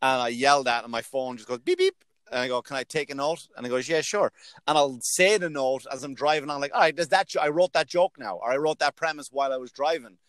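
A man's voice: mid-range voice, fast talker, fairly bright tone, clean tone, dry recording. A man who is a comedian and podcast host, talking in a rambling, self-mocking way and swearing often in casual chat.

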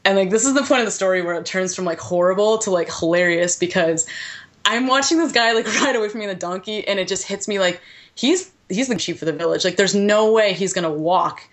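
A woman in her thirties, a podcast guest recounting a personal story in an animated way, with many "like" fillers. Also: medium pitch, fairly quick. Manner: animated, heavy use of "like" fillers.

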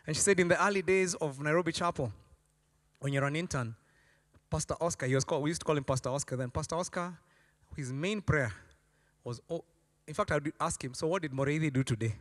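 A man's voice: fairly high pitch, brisk, pauses often, fairly bright tone, long reverb tail. A man preaching a sermon as a pastor, telling stories animatedly and acting out voices.

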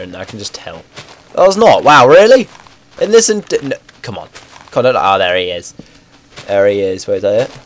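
A young man with a cold, sounding hoarse and congested, rambling through casual game commentary on a headset mic with self-mocking, excitable asides. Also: lowish voice, a little hiss or hum. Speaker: gaming video host.

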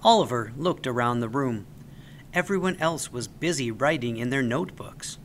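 A man reading a children's story aloud as the storyteller, with an expressive, animated delivery. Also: medium pitch, moderate pace, slight background noise.

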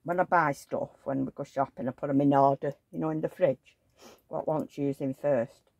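A woman's voice: low voice, normal speed, vocal fry, a little mellow, husky, dry recording. A woman vlogger in casual chat at home, rambling along and cooing at the dolls she dresses. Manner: rambling, chatty, coos at dolls.

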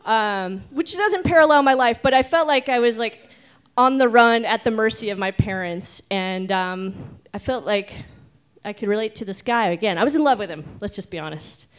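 Woman, 40s, live storyteller, slightly high voice, chatty, self-mocking, filler-heavy. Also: expressive, normal speed. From Oregon, United States. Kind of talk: live personal storytelling to an audience. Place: stage at a live storytelling event.

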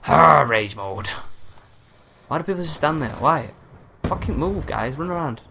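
A young man giving live commentary over a shooter game, talking quietly at home at night and swearing at other players. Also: fairly high pitch, lively intonation, a little fast. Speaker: gaming commentator. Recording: noisy game audio behind. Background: gunfire from the game.

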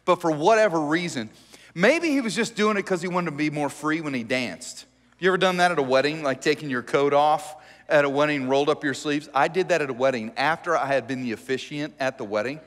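A man preaching as a pastor, telling the story in a joking, animated, conversational way. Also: a little high, a little fast, long reverb tail. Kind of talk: conversational sermon. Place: church sanctuary.

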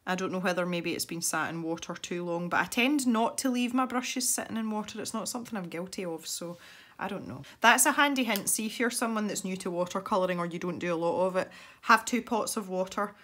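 A woman's voice: medium pitch, brisk, a bit bright. A Scottish woman chatting casually as she paints, thinking aloud and wandering into rambling asides. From Scotland. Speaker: art channel host. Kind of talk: casual chat while painting.

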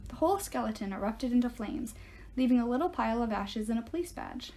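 A woman reading a novel aloud in steady first-person storytelling. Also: a little high, fast. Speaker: audiobook reader.

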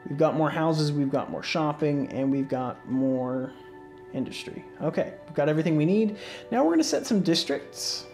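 Sleepy, mellow-voiced man explaining his game. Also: fairly high pitch, moderate pace. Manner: relaxed, rambling, many fillers and restarts. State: sleepy, yawning. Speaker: gaming channel host. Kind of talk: casual let's-play commentary. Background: faint game music.

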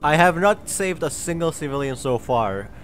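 A man's voice: a little high, lively intonation, moderate pace, music in the background. A man who has a cold, giving live gameplay commentary in a giddy, joking way and swearing often. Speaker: streamer.

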